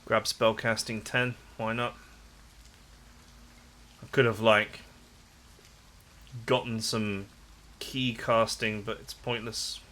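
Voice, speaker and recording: A man's voice: on the low side, flat delivery, slow pace, long pauses, bright, forceful tone, slight background noise. A man hosting a let's play, reading game text aloud dramatically and chatting casually about the game with lots of "like". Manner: casual asides full of "like", dramatic read-aloud of game prose.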